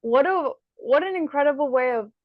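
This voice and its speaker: Bright-pitched woman host, lo-fi sound. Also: animated, moderate pace, no echo. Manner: effusive and affirming, many "like" fillers. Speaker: podcast host. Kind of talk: conversational interview.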